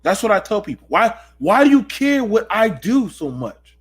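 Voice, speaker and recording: Man, late-night host, high voice, preaching rhetorical questions at his audience. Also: very animated, moderate pace, breathy edge. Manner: preachy, rhetorical, talks to viewers. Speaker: channel host.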